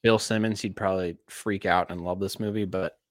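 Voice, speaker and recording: A man's voice: deep voice, steady tone, brisk, no echo, clean studio sound. A man co-hosting a movie podcast, chatting casually and giving enthusiastic opinions. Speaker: podcast co-host. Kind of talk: casual chat.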